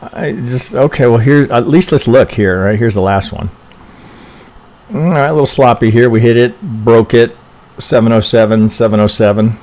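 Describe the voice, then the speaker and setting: A man walks through trading charts on a casual live stream, thinking out loud, cutting himself off mid-sentence and checking in with "right?" every few lines. His voice sounds a bit stuffy from allergies, and he curses under his breath when something goes wrong. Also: mid-range voice, moderate pace. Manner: rambling, self-interrupting, frequent "right?" tags and mild swearing. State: congested with allergies. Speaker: trading educator reviewing charts.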